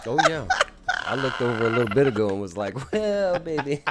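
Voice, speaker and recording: A man's voice: fairly low pitch, fast talker, very noisy. An enthusiastic man co-hosting a podcast, talking animatedly in casual chat and laughing easily. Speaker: podcast co-host.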